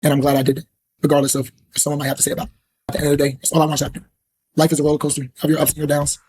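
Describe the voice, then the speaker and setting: A man's voice: on the high side, monotone, racing, darkish tone, a little hiss or hum. A young man with a sore throat talking earnestly and from the heart to his livestream viewers. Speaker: streamer. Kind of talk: emotional livestream talk.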